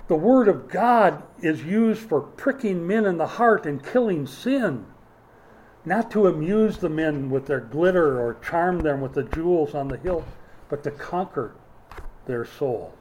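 Male pastor, sermon delivery, emphatic with dry wit, voice sits a touch high. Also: darkish tone, slight background noise, rough recording. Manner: emphatic preaching with dry humorous asides.

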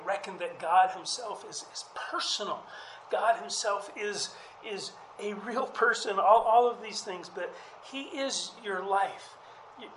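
A man's voice: sits high, a bit bright, roomy sound, slight background noise, low-quality recording. A man preaching a sermon as pastor, earnest and prone to repeating words, with chuckles between points.

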